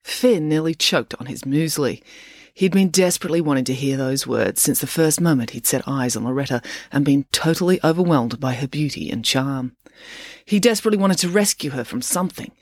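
A woman narrating a children's story with expressive, animated delivery. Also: low-pitched, brisk, dry recording, clean studio sound. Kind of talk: audiobook narration.

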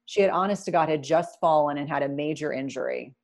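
Low-voiced woman telling her story. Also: quick pace, vocal fry. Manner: candid, animated, many restarts and asides. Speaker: guest, nurse practitioner turned entrepreneur. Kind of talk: conversational interview storytelling.

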